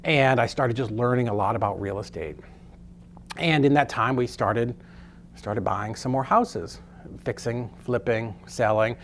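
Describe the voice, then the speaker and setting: A man's voice: mid-range voice, a little slow, a little hiss or hum. A middle-aged man teaching a real estate course in a casual storytelling way, loose and chatty, with frequent swearing.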